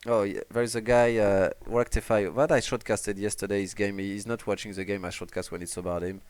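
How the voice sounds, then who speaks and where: A man's voice: fairly low pitch, level tone, a little fast, darkish tone, clear, resonant tone, no room sound. A man with a French accent casting a strategy game casually, talking hesitantly with many fillers and restarts. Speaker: esports caster.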